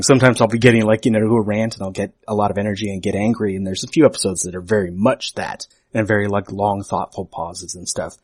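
A man's voice: on the low side, dry recording, studio quality. A man who teaches and podcasts, talking in a thoughtful, easygoing casual chat.

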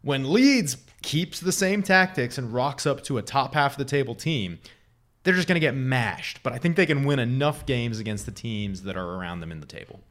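A man's voice: medium pitch, expressive, moderate pace, fairly bright tone. A young man co-hosting a casual sports podcast, telling stories with jokes and frequent laughter. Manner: joking, storytelling, laughs often. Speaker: podcast co-host.

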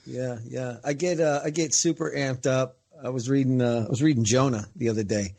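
A man hosting a casual interview, telling stories in an animated way and laughing as he goes. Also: mid-range voice, a little fast. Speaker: podcast host.

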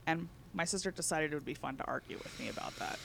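A woman's voice: low-pitched, fast talker, vocal fry, very noisy. A woman co-hosting a casual chat, telling rambling laid-back stories full of fillers and laughter.

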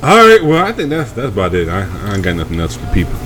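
A man co-hosting a podcast, joking in relaxed casual chat and trailing off quietly at times. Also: fairly low pitch, racing, noisy background. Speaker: podcast co-host.

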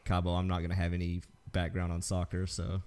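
A man hosting a casual gaming podcast, laughing often and rambling in a relaxed way. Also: deep voice, a little fast. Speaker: podcast host.

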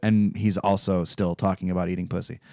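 Man, podcast co-host, low voice, crude joker, dry room sound. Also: little pitch movement, brisk, mellow, dry recording. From Scotland. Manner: crude, joking, laughing often. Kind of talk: casual chat.

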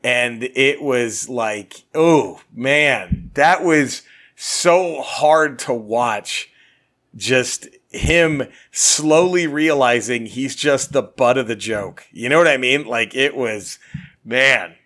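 A man co-hosting a podcast in casual chat, excitable and animated, swearing freely as he talks. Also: medium pitch, slow. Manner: excitable, profane, animated storytelling.

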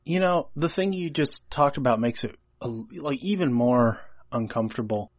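A podcast co-host talks through a film script in a chatty, analytical way, with hesitant fillers. His voice is medium-pitched with lively intonation and a moderate pace, recorded dry.

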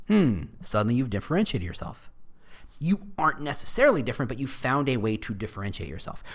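A man's voice: medium pitch, fast talker. A man hosting a podcast, explaining ideas in casual, conversational talk with lots of asides. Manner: animated, conversational marketing explainer. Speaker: podcast host.

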